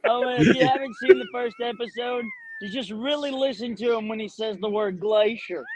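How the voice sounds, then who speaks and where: A man guesting as a musician banters in a laid-back, joking way. His voice sits high and moves around a lot in pitch. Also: wildly swooping pitch, a little fast, a crowd in the background, low-quality recording. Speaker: recording artist guest. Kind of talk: casual interview chat.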